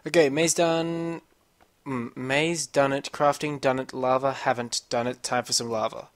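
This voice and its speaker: A man's voice: medium pitch, steady tone, unhurried. Brief: male let's-player, swears a lot and rambles, grumbling at the game as he plays. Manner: profane, rambling, complaining to himself. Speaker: gamer playing a puzzle map. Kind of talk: let's-play commentary.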